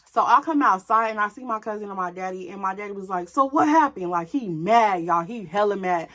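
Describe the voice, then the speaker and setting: Young woman, casual storytime, animated, candid, swears freely, talks straight to viewers, mid-pitched. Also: brisk. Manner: animated, candid, profane, addresses the viewers directly. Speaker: vlogger.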